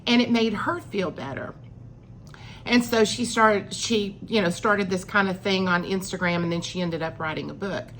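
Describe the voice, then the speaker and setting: A woman's voice: mid-range voice, fairly even intonation, moderate pace, a bit bright, a little hiss or hum. A middle-aged woman, telling a personal story in a chatty vlog, acting out what people said. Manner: chatty, acts out quoted lines with rising emphasis. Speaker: vlogger.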